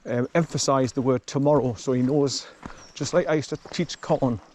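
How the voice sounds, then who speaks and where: A man's voice: mid-range voice, normal speed, darkish tone, slight background noise. Chatty man walking outdoors. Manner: rambling, chatty, chuckles often. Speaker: vlogger walking his dog. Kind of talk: casual walking vlog commentary. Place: outdoors on a forest track.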